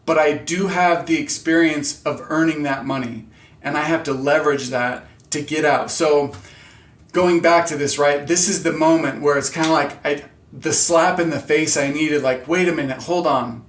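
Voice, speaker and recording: A man's voice: a little high, fairly even intonation, moderate pace. A man in his thirties hosting a motivational vlog, talking candidly and earnestly about pushing through setbacks. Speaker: channel host. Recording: roomy echo.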